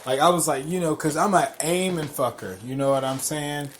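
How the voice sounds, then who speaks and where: A man hosting a podcast, telling a story as a profane rant, swearing constantly, repeating himself and getting loud and worked up. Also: fairly high pitch, brisk, a little hiss or hum. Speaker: podcast host.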